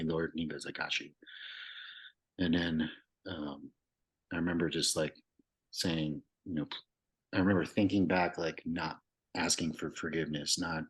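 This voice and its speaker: Podcast guest: young man, very low, husky voice, casual and candid storytelling with filler words. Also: fairly bright tone, rough recording. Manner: candid, loose, swears, many fillers.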